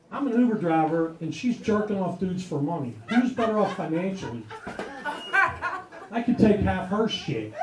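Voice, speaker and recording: A man performing a crude stand-up comedy set, telling rowdy stories with punchlines. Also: on the high side. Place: comedy club stage before a live audience. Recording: echoey club with audience laughter.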